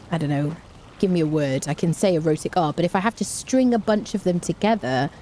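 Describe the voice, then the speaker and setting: Low-pitched and darkish in tone, a woman's voice comes through with slight background noise. During a casual gaming live stream, she reads out messages from viewers and laughs a lot.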